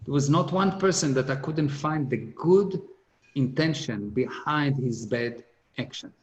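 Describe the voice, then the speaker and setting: A man's voice: medium pitch, a little slow, lo-fi sound. A middle-aged man giving a motivational seminar talk, earnest and repetitive, speaking English with non-native grammar. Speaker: business speaker. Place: conference hall. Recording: roomy hall echo.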